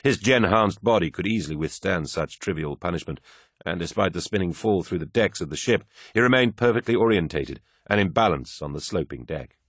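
A man narrating a dramatic action story with steady storytelling. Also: sits low, a little fast, husky, no room sound, studio quality. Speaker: audiobook narrator. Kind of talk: scripted narration.

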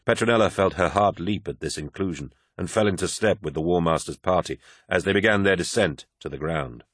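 An audiobook narrator with a very low voice reads a war novel in a measured, dramatic, steady, scripted way. The recording is dry and close, with no room sound.

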